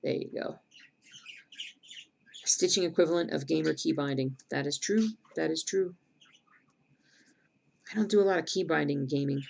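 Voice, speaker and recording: Middle-aged woman, streamer, heavy vocal fry, chatty and rambling, casual live-stream chat. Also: deep voice, moderate pace, long pauses, darkish tone. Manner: chatty, rambling, answers viewer comments aloud. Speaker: cross-stitch streamer.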